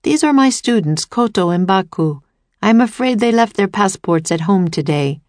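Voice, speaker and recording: A woman voicing a gentle, wise older male poet who speaks in a calm, measured way. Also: medium pitch, no echo, lightly acted.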